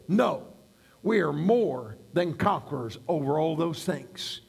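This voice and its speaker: A middle-aged man preaching a sermon, building to shouted emphasis on key phrases. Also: fairly high pitch, animated, slow pace, vocal fry, breathy edge. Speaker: pastor.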